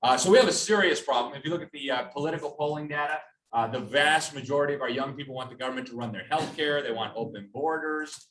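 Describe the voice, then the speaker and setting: A man's voice: a little high, fast, fairly bright tone. A man lectures a gathered audience in a large room that rings with echo. He is caught from some way off the mic, over faint background noise, and he talks emphatically with a sarcastic edge. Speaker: speaker at a public talk. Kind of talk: public lecture with slides. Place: hall with an audience. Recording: echoey hall, from a distance.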